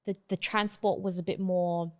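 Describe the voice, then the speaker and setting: A woman's voice: lowish voice, little pitch movement, normal speed. Hesitant young woman recounting her story. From Hong Kong. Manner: hesitant, many fillers and restarts. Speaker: podcast guest. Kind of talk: casual conversational storytelling.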